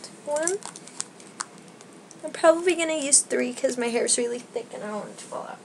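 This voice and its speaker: Young woman, higher voice, casual hair tutorial, rambling, faint hiss behind. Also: a little fast, poor audio. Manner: chatty, self-deprecating, rambling with many likes. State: slightly out of breath. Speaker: beauty vlogger.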